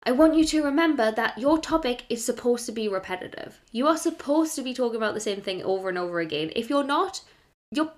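Woman in her thirties, higher-pitched, chatty solo podcaster, rambles with lots of "like"s. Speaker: podcast host, brand strategist. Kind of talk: casual solo podcast talk.

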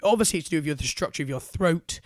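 Lively, high-voiced young British man. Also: rapid-fire, no echo, clean studio sound. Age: 20s. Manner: lively, inquisitive, laughs often. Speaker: podcast co-host. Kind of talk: casual chat.

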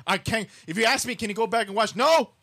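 A man co-hosting a podcast in casual chat, animated, laughing often and swearing. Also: high voice, fast talker. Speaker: podcast co-host.

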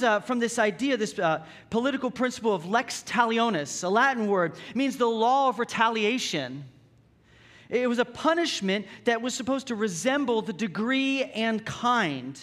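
High-voiced man preaching a sermon. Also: a bit bright. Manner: conversational preaching with rhetorical questions. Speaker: pastor.

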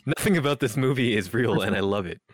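A man co-hosting a podcast, chatting excitedly through a movie commentary with frequent laughs and lots of "like". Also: medium pitch, fast, no room sound, studio quality. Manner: laughs often, excitable, says "like" a lot. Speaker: podcast co-host. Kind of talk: casual movie commentary chat.

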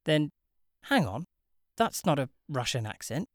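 A man's voice: on the high side, very animated, a little slow, no room sound, studio quality. A narrator voicing George, an awkward, polite young man who stammers when flustered, in an audiobook.

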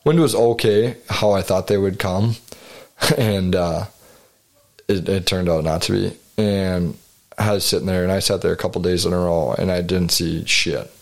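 Low-voiced man telling a hunting story. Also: fairly even intonation, normal speed, creaky. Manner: rambling storytelling, frequent swearing and laughs. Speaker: podcast co-host. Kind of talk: casual hunting story chat.

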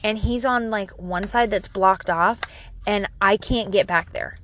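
A woman's voice: mid-range voice, a little slow, fairly bright tone, slight background noise. A woman in her thirties casually telling a candid, self-deprecating story about her child, swearing now and then. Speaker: parent vlogger.

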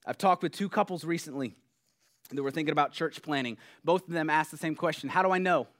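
A man's voice: fairly high pitch, fairly quick. Pastor, male, earnest conversational sermon delivery. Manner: earnest, conversational, swings between soft and emphatic.

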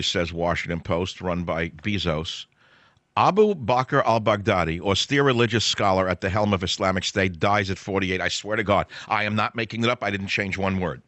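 A man's voice: fairly low pitch, fairly bright tone, dry recording. A man hosting a talk radio show, giving a sarcastic, indignant political monologue with scornful asides.

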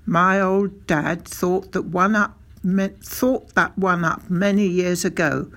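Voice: mid-range voice, steady tone, slow pace, fairly bright tone. A reader doing a sly, proud country father. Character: proud, sly rural father, filling-station owner.

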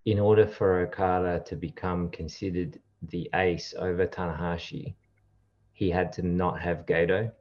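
A man with a very deep voice chimes in with short agreements and calm questions. His sound is dull and muffled, as if he is sitting away from the mic. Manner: brief agreeing interjections, measured questions. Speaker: podcast co-host. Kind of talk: casual wrestling discussion.

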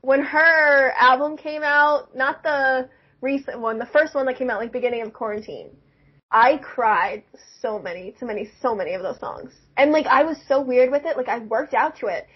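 A young woman with a high, husky voice talks casually and laughs often. She fills her speech with "like". The recording sounds dull and lo-fi. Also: normal speed. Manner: chatty, laughs often, says "like" a lot. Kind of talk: casual chat.

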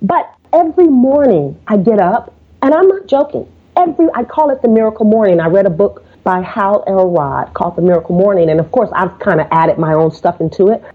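A woman speaks as a podcast guest, mid-pitched, telling her story with lively energy. She acts out her phone calls, slipping into quoted voices. Her voice comes through a narrow, phone-like call line. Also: fairly quick. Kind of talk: casual interview storytelling. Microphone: remote call.

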